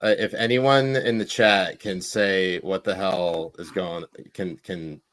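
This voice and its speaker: A man's voice: sits low, steady tone, slow, fairly bright tone. A man co-hosting a live stream, joking wryly and reading viewer comments aloud in casual chat. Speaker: stream co-host.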